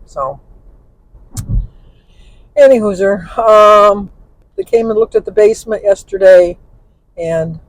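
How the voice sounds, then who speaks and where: An older woman from Michigan vlogs to the camera while driving her car, rambling, meandering and correcting herself in chatty storytelling. Her lowish voice is a little mellow, with no room sound on a rough recording.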